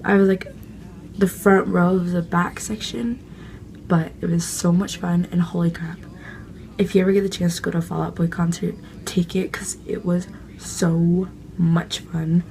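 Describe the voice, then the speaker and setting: A young woman vlogger excitedly telling a casual story, gushing and full of fillers. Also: fairly low pitch, normal speed, gravelly, a little hiss or hum.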